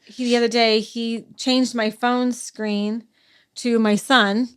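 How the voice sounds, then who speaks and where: A middle-aged woman, a podcast guest, talking through a personal story in a halting way, full of fillers and restarts. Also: a little high, level tone, smooth. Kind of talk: conversational interview.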